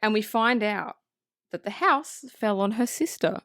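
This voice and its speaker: A woman chatting casually on a podcast, animated and foul-mouthed, laughing often. Her voice sits at an ordinary pitch, and the sound is close and dry with no room around it. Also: a little slow, dry recording. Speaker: podcast co-host. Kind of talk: casual movie-review chat.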